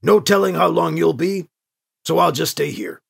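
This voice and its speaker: A man's voice: on the high side, lively intonation, normal speed, vocal fry, husky, exaggerated voice. A man reading the lines of an easygoing ship pilot with an offhand manner.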